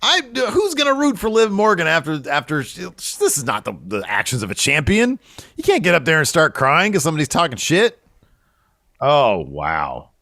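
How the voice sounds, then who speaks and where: Male podcast co-host, lively swooping voice, dry close sound, casual recap chat. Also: moderate pace, no room sound. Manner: excitable, jumps high when riled.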